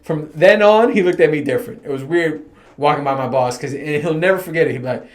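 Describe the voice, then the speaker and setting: A man's voice: a little high, quick pace. A man hosting his own podcast, rambling through casual stories with lots of swearing and frequent laughter. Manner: profane, storytelling, laughing often. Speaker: podcast host.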